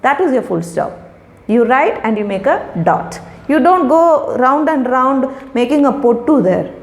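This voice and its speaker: In an echoey room, a middle-aged female teacher patiently works through words for small children, saying each one again and explaining what it means. She speaks a bit slowly in a high, very animated voice.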